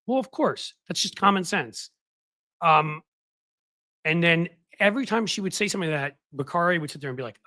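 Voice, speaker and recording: A man's voice: fairly high pitch, expressive, normal speed, sharp tone, dry recording. A man hosting a political commentary stream in casual talk, mocking his target and quoting others in put-on voices.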